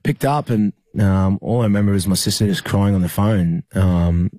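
A young Australian man and rugby league player, telling a story in an interview in a halting, earnest way with many fillers and restarts. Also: lowish voice, steady tone, mellow, dry recording.

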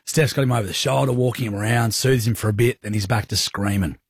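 A man with an Australian accent, co-hosting a radio show and telling a lively story, acting out voices and sounds as he goes. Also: mid-range voice, fast talker, breathy edge, no room sound, clean studio sound. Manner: animated storyteller who acts out voices and sounds. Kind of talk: casual banter, telling a story.

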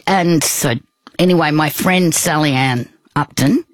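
A woman's voice: sits low, measured pace, no room sound. A woman in conversation, telling a personal story in a rambling, hesitant way with many restarts. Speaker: guest.

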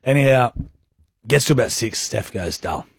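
A man's voice: medium pitch, expressive, moderate pace, background noise. An Australian man co-hosting a radio show, telling a self-mocking anecdote in casual banter from a studio microphone. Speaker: radio co-host.

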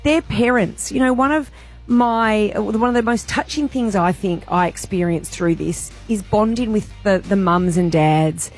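A woman radio host, speaking in a heartfelt, animated way about a charity appeal. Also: medium pitch, a little slow, soft background music. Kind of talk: breakfast radio chat.

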